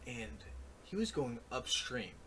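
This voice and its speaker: Young male co-host, casual storyteller, lively delivery, faint hiss behind. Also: medium pitch, slow. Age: young adult. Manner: animated storyteller, gets loud and laughs while telling stories. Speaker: podcast co-host. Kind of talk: casual chat.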